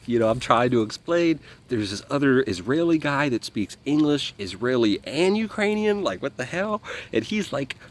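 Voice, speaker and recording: A man telling a story as an interview guest, animated, acting out what people said and swearing freely. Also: mid-range voice, moderate pace, slight background noise. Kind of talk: casual storytelling.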